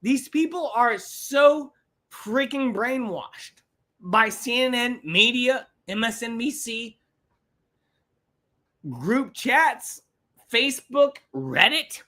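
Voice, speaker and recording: High-voiced woman ranting on a podcast. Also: animated, takes it slowly, sharp tone. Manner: ranting, profane, repetitive. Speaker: podcast host. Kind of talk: livestream podcast rant.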